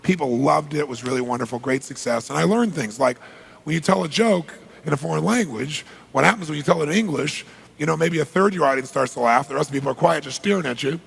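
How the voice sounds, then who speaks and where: Gravelly husky man telling stories on stage. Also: fairly high pitch, fast, in a large hall. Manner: energetic, acts out dialogue, asks the audience questions. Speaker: motivational speaker. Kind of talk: live seminar storytelling. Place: large seminar hall.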